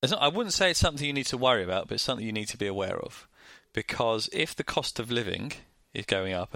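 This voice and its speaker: A man with a Northern English accent co-hosting a finance chat, explaining things in a plain, measured way. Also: on the low side, bright, forceful tone, dry recording. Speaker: co-host.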